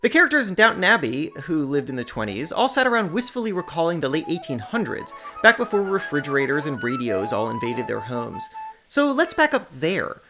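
A woman's voice: low-pitched, big pitch swings, brisk, pushed and bright, soft background music. A woman hosting a podcast, narrating a script with wry, playful asides. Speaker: podcast host.

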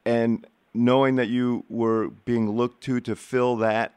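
Male podcast host, clear and smooth voice, halting conversational questions, dry sound. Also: mid-range voice, little pitch movement, darkish tone, no echo. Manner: hesitant questions, many fillers, laughs along. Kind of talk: conversational interview.

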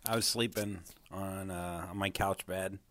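A man speaking softly and casually as a podcast guest, laid-back and laughing now and then. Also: sits low, steady tone, unhurried, no room sound, studio quality. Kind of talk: casual chat.

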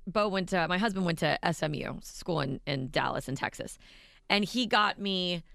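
A middle-aged woman co-hosting a morning radio show, telling stories in an animated way and laughing often. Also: fairly low pitch, normal speed, creaky, no echo, clean studio sound. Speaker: radio co-host. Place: radio studio. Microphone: studio mic.

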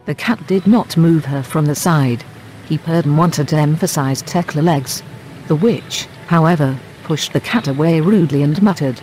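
Flat synthetic male storyteller. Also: on the high side, a little hiss or hum, low-quality recording. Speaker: narrator. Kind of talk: fairy tale narration.

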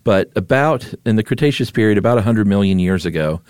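A man with a low, deep voice co-hosts a podcast, explaining facts in a laid-back, joking way. The sound is dry and close on a studio microphone. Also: lively intonation, a little fast, a little mellow, clean tone, dry recording. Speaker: podcast co-host. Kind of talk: casual chat.

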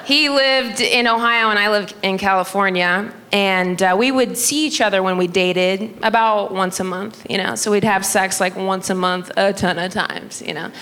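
A woman's voice: mid-range voice, moderate pace, hardly any pauses, a bit bright. A young woman performing a chatty, self-mocking stand-up routine, often laughing into her punchlines. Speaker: stand-up comedian. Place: comedy club stage. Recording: live club crowd and noise. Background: audience laughter.

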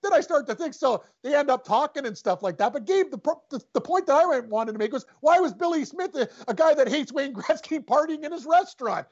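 A man's voice: extremely high pitch, fairly quick, few pauses. A man co-hosting a casual sports podcast, telling stories animatedly and acting out what people said. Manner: animated storyteller who acts out quotes. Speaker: co-host. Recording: dull lo-fi podcast audio.

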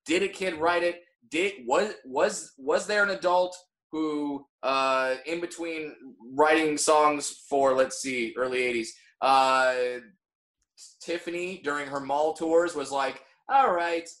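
A man's voice: on the high side, slow pace, a bit bright. Rambling, riffing podcast man. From Orange County, California. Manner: rambling, stammering restarts, riffing bits. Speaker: podcast host. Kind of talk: casual comedy podcast banter.

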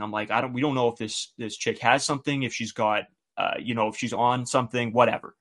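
Man telling a story with animated re-enactments. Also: mid-range voice, fast talker, hardly any pauses. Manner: animated retelling, acts out quoted dialogue. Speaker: podcast co-host. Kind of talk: casual storytelling chat.

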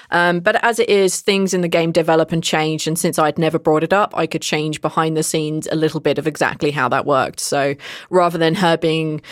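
A woman's voice: low-pitched, no echo, clean studio sound. A woman dungeon master in casual podcast chat, talking freely with many fillers and laughing asides.

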